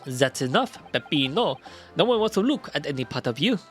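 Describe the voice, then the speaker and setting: A curt boss cuts people off with firm, clipped lines, as a man puts him on. The put-on stays steady, and soft music plays underneath. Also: on the high side, a little fast. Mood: stern.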